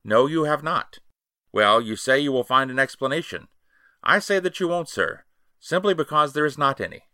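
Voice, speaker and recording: A man's voice: fairly high pitch, expressive, moderate pace, bright, forceful tone, clean tone, no room sound, clean studio sound, voice pushed up. A man voicing a blunt, stubborn ship's surgeon who talks curtly and firmly, a little triumphant, in a raised voice. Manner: curt, firm, a bit triumphant.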